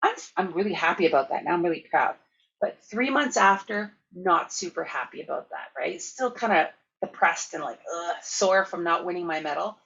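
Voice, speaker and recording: A woman from Canada giving a conference keynote, telling lively anecdotes with laughter. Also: lowish voice, normal speed, creaky, dull audio. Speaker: keynote speaker. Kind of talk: storytelling conference talk.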